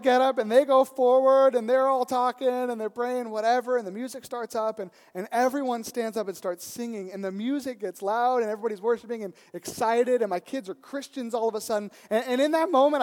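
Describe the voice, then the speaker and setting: Animated male preacher telling a story. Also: very high-pitched, a little fast. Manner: animated, swings from hushed to loud and emphatic. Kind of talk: storytelling sermon.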